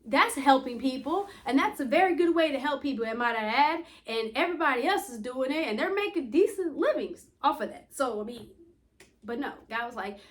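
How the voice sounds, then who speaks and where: A young woman talks casually to her camera in a rambling vlog, a little higher than most women. She tells stories with lively ups and downs, slips into the voices of the people she quotes, and laughs often along the way. The sound comes through wireless earbuds. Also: a little fast. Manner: animated storytelling, acting out quoted dialogue; laughs often while talking. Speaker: YouTuber.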